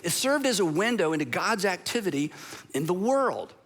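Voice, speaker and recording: A man's voice: high-pitched, big pitch swings, moderate pace, a bit bright. A man, preaching a sermon as a pastor, telling stories in a conversational way with asides.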